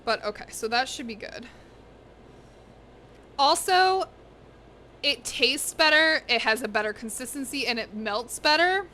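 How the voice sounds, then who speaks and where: Young woman streaming from her kitchen, bright, slightly high voice, chatty, soft hum of the room behind. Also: lively intonation, measured pace, long pauses. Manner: chatty, talks to chat and to her pets. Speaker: cooking streamer. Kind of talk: casual livestream chat while cooking. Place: home kitchen.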